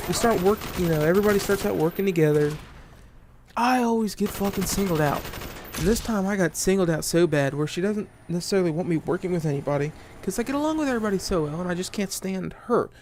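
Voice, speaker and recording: A man's voice: sits high, fairly quick, noisy background. A young man casually telling a story over gameplay, ranting and swearing with lots of restarts and fillers. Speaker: gaming video creator. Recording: gunfire from game audio behind.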